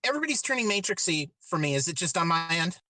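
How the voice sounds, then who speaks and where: A woman's voice: on the low side, big pitch swings, fast, sharp tone, no room sound. A woman talking casually on an online group call, laughing often and swearing freely as she gushes. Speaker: podcast panelist.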